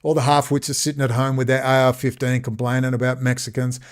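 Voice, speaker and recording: A man's voice: medium pitch, completely flat delivery, quick pace. Sarcastic rambling male commentator. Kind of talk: ranting video commentary.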